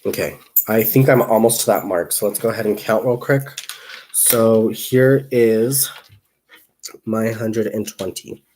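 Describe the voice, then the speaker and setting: A man's voice: on the low side, measured pace, a little mellow, slight background noise. A young man hosting a casual crochet livestream, chatting in a rambling way, reading viewer comments aloud and counting stitches under his breath.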